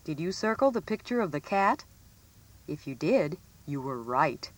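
A woman reading a scripted phonics lesson for children, stressing each example word clearly. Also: deep voice, very animated. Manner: slow, clearly enunciated, sing-song emphasis on example words. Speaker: teacher.

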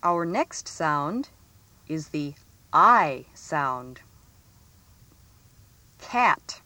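Slow, sing-song woman teaching phonics. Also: low voice, sing-song, fairly bright tone, no echo. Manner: slow, clearly enunciated, sing-song emphasis on example words. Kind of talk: scripted phonics lesson for children.

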